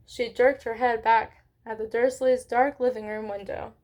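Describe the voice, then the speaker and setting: Friendly read-along host, woman, slightly high voice, stops often to ask readers questions. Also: little pitch movement, normal speed, hardly any pauses, a little mellow. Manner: chatty, stops to ask questions and apologize for slips. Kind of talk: children's book read-aloud.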